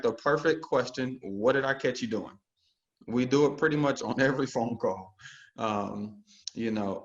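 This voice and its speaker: A man coaching a group on a call, energetic and constantly checking in with "okay?". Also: mid-range voice, lo-fi sound. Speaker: real estate investing coach. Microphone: video call.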